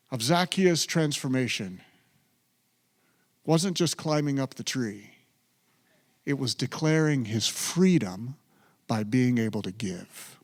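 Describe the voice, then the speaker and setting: A male pastor preaching a sermon in a church, with a dramatic delivery that sinks to near whispers. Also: fairly high pitch. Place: church sanctuary.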